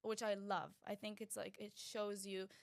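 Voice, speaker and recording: A woman's voice: medium pitch, little pitch movement, normal speed, creaky. Woman, young adult, Israeli, Hebrew native, American-tinged English accent, casual interview chat, laughing often, mid-range voice. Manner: chatty, laughs often, drops Hebrew words. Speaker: guest.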